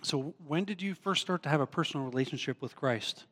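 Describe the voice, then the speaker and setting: A man gently interviewing a church member, prompting with casual questions. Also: a little high, brisk. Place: church hall. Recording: distant mic, long hall reverb.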